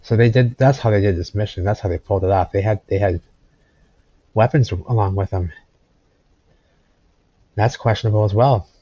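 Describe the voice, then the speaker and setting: Indoors at home, a man rambles through casual commentary over old photographs, circling back and repeating phrases, and coos to his cat in a high voice. His voice is mellow and slightly rough, at normal speed with long pauses. The recording is dry and a little dull, with no room sound.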